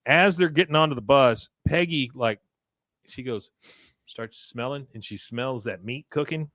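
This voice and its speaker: A man's voice: mid-range voice, a little slow, fairly bright tone, no echo. A man hosting a podcast, casually recapping a cartoon episode in a chatty way, with fillers. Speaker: podcast host.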